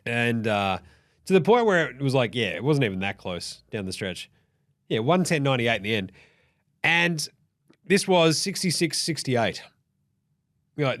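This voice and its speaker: A young Australian man hosting a casual sports recap, sweary, excitable and jokey. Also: medium pitch, a little slow, pauses often, no echo, studio quality. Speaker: host.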